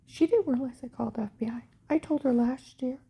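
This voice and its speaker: A middle-aged woman recounting events in a halting personal account, often dropping to a whisper and restarting her sentences. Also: sits high, creaky, mellow, slightly rough.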